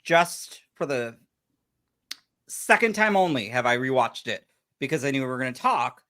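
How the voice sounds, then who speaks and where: A woman's voice: a bass voice, expressive, normal speed, a bit bright. A woman chatting as a podcast guest, reacting expressively and restarting her sentences as she thinks. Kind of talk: casual chat.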